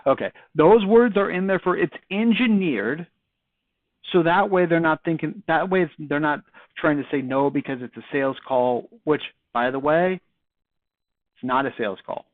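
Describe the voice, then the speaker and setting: A man's voice: on the high side, normal speed, no echo. Man coaching cold calls, tinny audio. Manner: conversational, acts out sample phone lines. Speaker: sales trainer. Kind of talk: casual training talk. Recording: dry, tinny phone-like audio.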